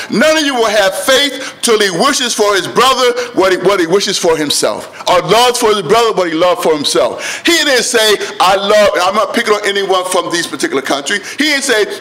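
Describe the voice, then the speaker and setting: A male imam with an African American English accent preaches to a convention crowd in a high, bright, ringing voice. He builds emphasis through repetition and restarts, drawing out key lines. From United States. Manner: preaching with rising emphasis and repeated phrases. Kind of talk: convention sermon.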